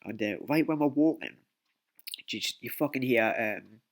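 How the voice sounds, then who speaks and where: A man's voice: medium pitch, normal speed. A man telling a casual storytime vlog story, rambling, repeating himself and swearing often. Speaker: vlogger.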